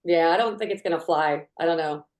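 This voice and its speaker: A woman's voice: lowish voice, fairly quick. A woman, a real estate coach on a coaching call, talking casually through hypothetical scenarios with fillers. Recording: echoey room sound.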